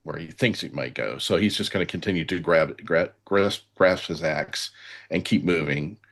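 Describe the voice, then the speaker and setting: A man playing a tabletop game who quietly and hesitantly narrates his character's actions. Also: sits low, moderate pace. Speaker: player. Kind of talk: in-character tabletop role-play.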